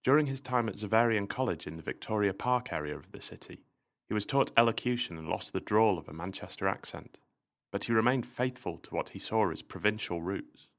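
A man hosting and narrating a podcast episode in a measured, informative scripted style. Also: fairly low pitch, a bit bright.

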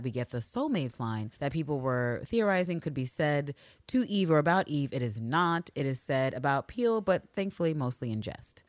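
A woman's voice: extremely low pitch, dry recording. A woman co-hosting a podcast, recapping a TV episode in casual, profane chat and acting out the characters' lines in put-on voices. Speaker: podcast co-host.

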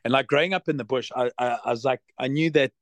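A South African man talks in a relaxed, rambling way, full of fillers. His voice sits at an ordinary middle pitch. The recording is dry and close. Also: fast, no echo. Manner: rambling, filler-heavy, easygoing. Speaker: podcast guest. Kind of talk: casual interview chat.

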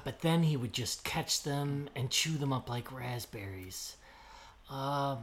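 A man voicing a boastful, cowardly but cunning male trickster in a storybook tale, bragging loudly and hesitating with filler sounds. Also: mid-range voice.

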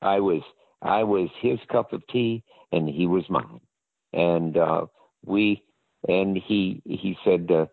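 A man's voice: sits low, slow pace, vocal fry, no echo. An older man from the American South, a guest telling stories from his career in a rambling, hesitant way, with many fillers and restarts. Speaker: interview guest. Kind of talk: casual anecdotal storytelling. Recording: dry, phone-like line.

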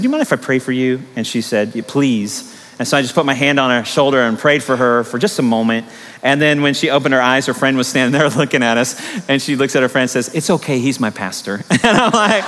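A man's voice: medium pitch, a bit bright. A man preaching a sermon as pastor, telling personal stories and then rising into emphatic exhortation. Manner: storytelling, building to emphatic exhortation. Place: large church sanctuary. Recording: long hall reverb.

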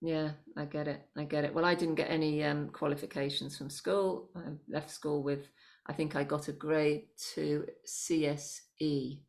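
A middle-aged woman with a low voice and a gravelly edge hosts a relaxed interview. She agrees readily and laughs easily as her guest talks. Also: normal speed. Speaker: podcast host. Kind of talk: casual interview.

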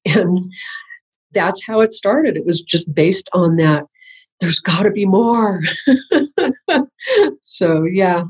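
A woman's voice: lowish voice, animated, slow pace, pauses often, slightly rough. An older woman, a spiritual teacher, telling the story of how her work began in a casual interview, often laughing and acting out what she thought at the time. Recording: muffled lo-fi audio.

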